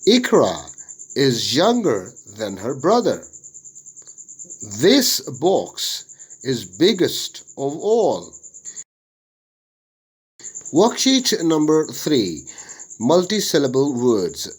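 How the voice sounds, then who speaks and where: Slow, lively-voiced man with a Pakistani accent. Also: fairly high pitch, breathy edge. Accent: Pakistani English. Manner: slow, deliberate word-by-word reading. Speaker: teacher. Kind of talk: reading out an English worksheet lesson.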